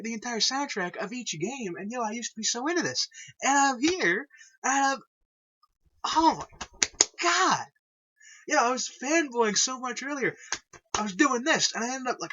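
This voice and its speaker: A young man in a casual fan vlog, rambling excitedly and saying "yo" over and over. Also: sits high, husky. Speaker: video creator. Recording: dull lo-fi recording.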